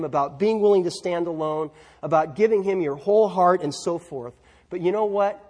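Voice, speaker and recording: A man preaching a sermon in a church, conversational, with asides and rhetorical questions. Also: high-pitched. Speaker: pastor.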